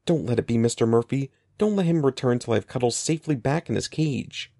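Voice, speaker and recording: A man's voice: mid-range voice, brisk, creaky, warm tone, no room sound, studio quality. A man voicing a panicky young schoolboy, pleading and frantic in a raised voice.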